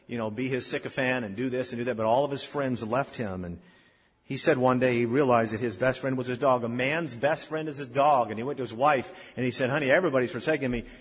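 Husky-voiced preacher in a reverberant church. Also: male voice, mid-range voice. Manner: storytelling preacher, swings from loud emphasis to hushed. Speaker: pastor. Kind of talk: sermon. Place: church sanctuary. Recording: long reverb of a church hall.

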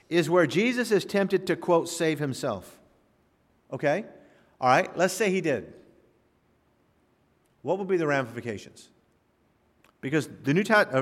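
A man preaching a sermon, building to emphatic peaks and dropping into slow, quiet pauses. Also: a little high, big-room sound. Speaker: pastor.

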